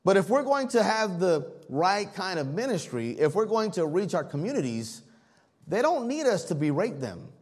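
High-pitched pastor guy preaching, lively storytelling sermon. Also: moderate pace, slightly rough. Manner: storytelling, animated, with congregation responses.

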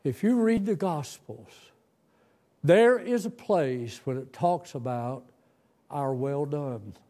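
Old guy preaching, slow and folksy, soft mellow voice, kinda high. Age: 70s. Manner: slow, folksy, tender storytelling. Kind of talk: sermon story.

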